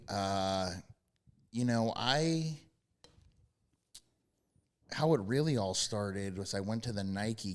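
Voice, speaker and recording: A young man with a very low, deep voice tells his stories in brash, profane casual chat. Now and then he breaks into loud yelled impressions. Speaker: podcast guest, former quarterback.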